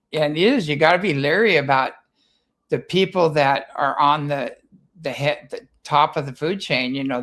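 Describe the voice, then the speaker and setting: A man from the United States talks casually as a guest, in a voice of ordinary middle pitch. He wanders through anecdotes, restarting phrases and slipping into the voices of people he quotes. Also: fairly bright tone. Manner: rambling, repeats words and acts out quotes. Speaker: guest, ranch founder. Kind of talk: casual chat, anecdotal storytelling.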